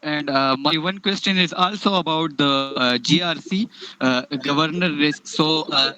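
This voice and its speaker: A man's voice: on the high side, measured pace, pushed and bright. A man on a video call asking questions as a beginner attendee, hesitant and polite, stammering often. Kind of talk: question and answer. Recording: dull lo-fi video call audio.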